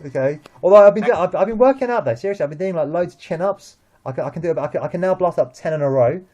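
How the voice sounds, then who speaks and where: A young man with a London accent, chatting about football as host, lively and full of restarts and repeated words. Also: fairly high pitch, very fast, dull audio. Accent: London English. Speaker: vlog host. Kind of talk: casual football chat.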